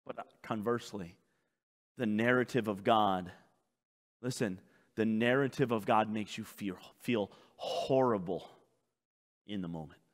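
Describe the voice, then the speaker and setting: A male pastor preaching a sermon in a church, swinging from loud shouts to low, quiet passages. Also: big-room sound. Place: church sanctuary.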